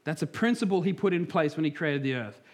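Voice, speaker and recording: A man's voice: fairly high pitch, expressive, fast. A man preaching a sermon as pastor, talking through scripture and acting out quoted voices, some of them dropped to near whispers.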